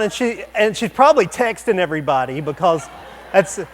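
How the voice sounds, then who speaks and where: A man preaching a sermon as a pastor, telling a story with lively humor and quick asides. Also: high voice. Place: church sanctuary.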